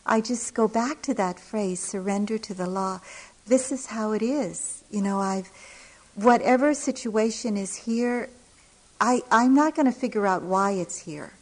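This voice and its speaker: A middle-aged woman, a meditation teacher, telling a personal story in a dharma talk with gentle pauses and soft laughs. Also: on the high side, poor audio. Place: retreat center hall.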